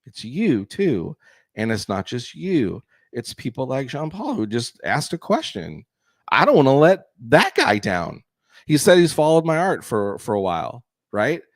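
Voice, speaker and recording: A man's voice: mid-range voice, wildly swooping pitch, unhurried, no echo. A man from California co-hosting a podcast in casual chat, rambling and self-correcting, with a slight crackle in his voice. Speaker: podcast co-host and artist.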